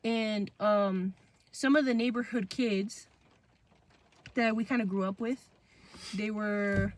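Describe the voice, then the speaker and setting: A woman's voice: mid-range voice, fairly even intonation, takes it slowly, no echo. A young adult woman hosting a podcast, telling a childhood story in casual slang and acting out the quotes. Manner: chatty, heavy on "like" and "bro", acts out quotes. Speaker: podcast host.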